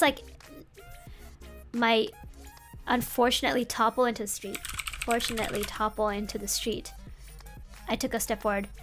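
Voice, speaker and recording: A woman with a high voice gives a casual streamed language lesson. She talks in a playful, rambling way, piling on fillers and quick asides. Soft music sits faintly behind her. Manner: playful, chatty, rambling explanations with many fillers. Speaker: VTuber streamer teaching Japanese translation.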